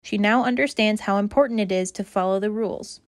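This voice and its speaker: A woman reading aloud children's stories in a bright, expressive, rhythmic way. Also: medium pitch, a little fast, dry recording, clean studio sound. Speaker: children's story reader. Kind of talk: read-aloud storytelling.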